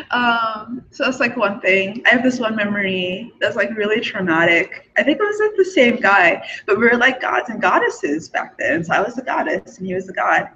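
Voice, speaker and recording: A young woman hosting a forum talks about her spiritual beliefs in a loose, chatty monologue full of fillers and giggles. Her voice is a little high with a sharp tone, and the dull lo-fi recording carries a little hiss or hum.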